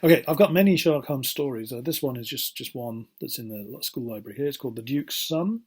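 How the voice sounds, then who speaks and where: Husky-voiced male teacher. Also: mid-range voice, quick pace, a little mellow. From England. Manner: chatty, rambling, self-correcting, playful. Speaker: English teacher. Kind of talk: casual recorded classroom lesson.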